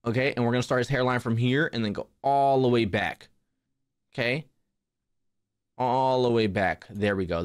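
Clean studio sound with no echo captures this young man's mid-range voice. He's hosting a relaxed drawing livestream, joking around, cursing and talking to his chat.

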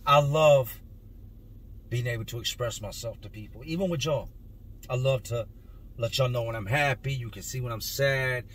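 A man's voice: mid-range voice, brisk, fairly bright tone, slightly rough. A man in his thirties, a vlogger, telling his own story to camera in an earnest, emotional way, stretching words for emphasis.

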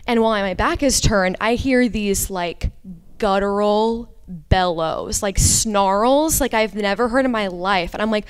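A young woman tells a funny personal story on a live story slam stage. Her delivery is rambling, full of fillers and swearing. Her voice sits a little high and comes through clear and smooth. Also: normal speed. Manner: rambling, profane, comic, lots of "like".

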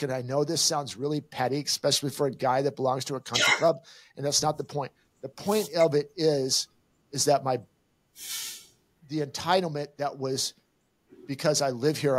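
A man's voice: medium pitch, fairly even intonation, normal speed. An older man co-hosting a podcast, telling a story in casual chat and acting out the exchanges he quotes. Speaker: podcast co-host.

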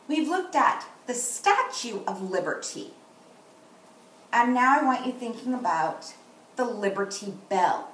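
A woman teaching a kindergarten morning meeting on video, speaking slowly and gently and stressing key words for young children. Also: fairly high pitch, echoey room, recorded from a distance, a little hiss or hum, rough recording.

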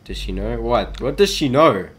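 A man's voice: medium pitch, animated, moderate pace. Jittery young man narrating a horror game. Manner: jittery, talks to the game, yelps in panic. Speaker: gaming YouTuber.

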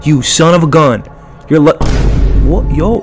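A young man doing let's-play commentary, excitable and slangy, yelling orders and trash-talking game characters. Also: mid-range voice, slow, pauses often, music in the background. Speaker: gaming streamer.

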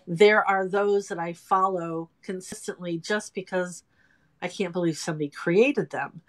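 A woman in her sixties with a lowish voice talks in a chatty, self-deprecating way as a guest in a casual interview. She speaks from her home salon. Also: steady tone, moderate pace. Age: 60s. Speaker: guest, home nail technician.

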